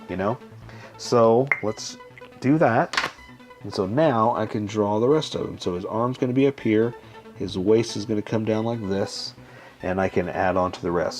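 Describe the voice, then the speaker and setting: A man with a lowish voice calmly explains a drawing step by step as he works. His talk is loose and unhurried, with frequent "okay?" check-ins, and soft music plays faintly behind him. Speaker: drawing tutorial host. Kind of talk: casual step-by-step drawing instruction.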